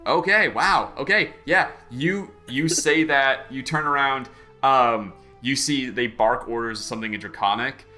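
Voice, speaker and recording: A man narrating as game master of a tabletop game, casual and halting, with frequent ums. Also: medium pitch, pushed and bright, soft background music.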